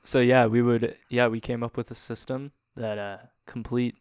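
A man's voice: medium pitch, little pitch movement, normal speed, smooth, no room sound. A man in his twenties on a casual podcast, laughing along and cutting in with questions. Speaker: podcast co-host.

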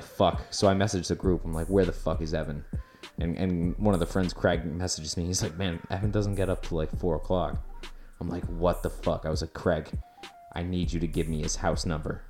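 Low-pitched male podcast co-host, animated storyteller, quick laughs, crude language. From Canada. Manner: animated, swearing storyteller who laughs often. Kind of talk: casual storytelling chat.

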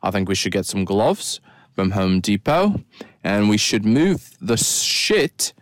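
A man putting on an attempted Australian accent, speaking in a slow, drawn-out, louder way. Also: fairly low pitch, big pitch swings, no echo, studio quality. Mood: mock-earnest.

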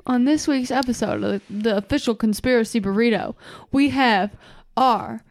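A woman's voice: on the high side, normal speed. A woman from Kentucky with a Southern accent, co-hosting a podcast in casual chat and laughing often. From Kentucky, USA. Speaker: podcast co-host.

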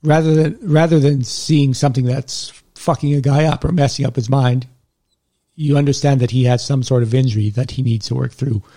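Halting, gravelly male interviewer. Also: mid-range voice, fairly even intonation, warm tone. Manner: halting, repeats words. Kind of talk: interview questions.

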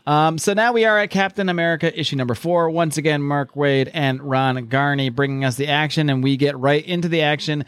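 A man's voice: on the high side, fairly quick, hardly any pauses, clear, resonant tone, no room sound, studio quality. Man animatedly recapping comics. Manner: animated retelling with voiced quotes. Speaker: podcast co-host. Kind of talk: casual comic recap chat.

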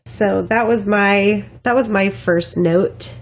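A woman co-hosting a casual chat, recapping an episode and adding details in a relaxed way. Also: mid-range voice. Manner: relaxed, adds details and quick agreements. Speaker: podcast co-host.

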